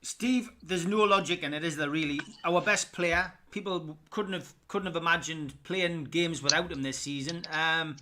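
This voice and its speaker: A man with a notably high voice, co-hosting a football podcast. He chats in a loose, jokey way with his co-hosts. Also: normal speed, few pauses, pushed and bright, slight background noise. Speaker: podcast co-host. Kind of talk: casual football chat.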